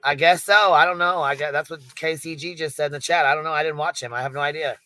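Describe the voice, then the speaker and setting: A man's voice: fairly high pitch, steady tone, quick pace, sharp tone, no room sound. A man ranting bluntly in a casual chat, swearing a lot.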